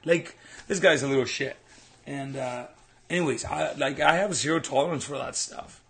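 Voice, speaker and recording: A young man from Mexico co-hosting a casual chat, telling stories in a relaxed way. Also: mid-range voice, moderate pace, gravelly. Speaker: co-host.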